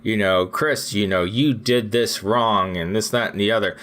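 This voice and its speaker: A man co-hosting a podcast, chatting casually and acting out his own retorts in a lively way. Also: lowish voice, normal speed. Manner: animated storyteller who acts out his own retorts. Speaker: podcast co-host.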